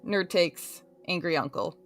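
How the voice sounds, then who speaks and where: A woman's voice: on the low side, a little slow, soft background music. A woman hosting a casual crochet live stream, bubbly and giggly, greeting her chat one by one.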